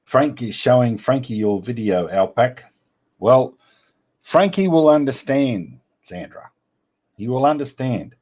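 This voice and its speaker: A man's voice: medium pitch, lively intonation, a little slow, darkish tone. A man hosting a casual live stream, reading out viewer comments in a playful, teasing way. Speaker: livestream host.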